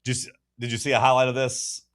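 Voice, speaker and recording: A man's voice: mid-range voice, completely flat delivery, fast talker, fairly bright tone. A man hosting a sports radio show in a studio, in loose casual banter with many restarts. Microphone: studio mic.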